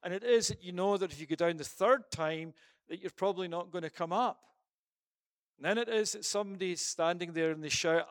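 A man's voice: high voice, a little fast, no room sound, studio quality. A man preaching a sermon and then leading a prayer, emphatic, with rhetorical questions and repeated phrases.

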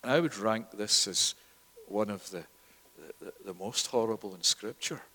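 A man's voice: lowish voice, normal speed. A man preaching a sermon in church, emphatic, often repeating words. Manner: emphatic, rising and louder at key points, with repeated words. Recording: long echo of a church hall.

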